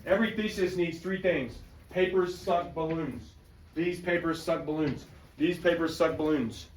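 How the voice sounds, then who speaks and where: High-pitched, energetic male teacher. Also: a little slow, distant mic, slight background noise. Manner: energetic, slangy, calls on students. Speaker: high school history teacher. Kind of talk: classroom lecture. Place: classroom.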